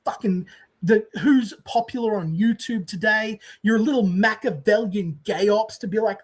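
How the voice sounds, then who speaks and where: A man's voice: high voice, normal speed, breathy edge. A man ranting on a stream clip, contemptuous, profane and boastful. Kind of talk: ranting on a livestream.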